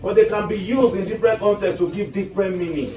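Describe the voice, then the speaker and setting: High-voiced male teacher in an echoey classroom. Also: fast, mellow. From Nigeria. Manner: checks in often with his students. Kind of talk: classroom English lesson. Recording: echoey room, mic far off.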